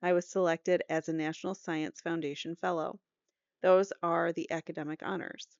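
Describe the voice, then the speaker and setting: A woman's voice: lowish voice, flat delivery, moderate pace, no room sound, lo-fi sound. A woman host reading aloud from a trial transcript, breaking off often with casual joking comments. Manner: reads both sides of testimony aloud, breaks off with joking asides and laughs.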